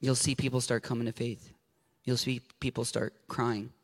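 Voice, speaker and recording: A man preaching a sermon, building to shouted passion and then easing into quiet storytelling. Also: mid-range voice, level tone, normal speed.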